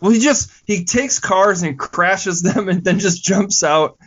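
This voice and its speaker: A man's voice: high-pitched, measured pace, a bit bright, highs cut off. A man hosting a podcast, asking questions and steering the discussion in a casual chat. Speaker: podcast host.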